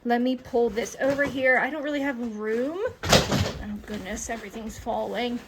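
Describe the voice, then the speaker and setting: There's heavy background noise as a young vlogger shows off her grocery haul at home in the kitchen, a bit out of breath while she unpacks and chats about bargains. She speaks at a moderate pace in a slightly high, steady voice.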